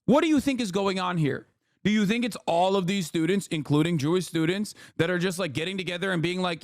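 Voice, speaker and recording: Man, live stream commentator, high voice, dry close sound, heated profane rant. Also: brisk, dry recording. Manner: mocking quoted voices.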